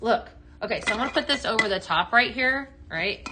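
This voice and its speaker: A woman's voice: on the high side, expressive, fairly quick, noisy background. A woman hosting a casual live-stream product demo from home, chatting upbeat with lots of fillers. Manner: chatty, upbeat sales patter with many fillers. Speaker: home-fragrance live-sale host.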